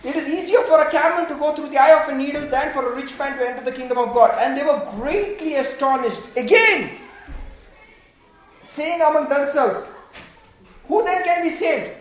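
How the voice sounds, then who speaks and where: A woman preaching a sermon, animated and full of rhetorical questions, laughing between phrases. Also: high voice, normal speed. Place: church hall. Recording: echoey room.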